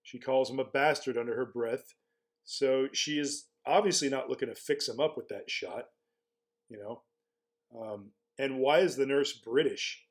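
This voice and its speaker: Guy rambling thru his blog theory, mid pitch, lots of "the, the" restarts and questions to the listener. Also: unhurried. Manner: musing, asks rhetorical questions, frequent restarts. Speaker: blogger. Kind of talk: casual spoken commentary.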